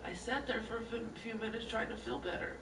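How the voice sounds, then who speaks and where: A woman at home answering her partner quietly and hesitantly, defending herself in an argument. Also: a little high, fairly quick, vocal fry. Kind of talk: defensive replies in a domestic argument. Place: inside a house. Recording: echoey room, voice from far off, faint hiss.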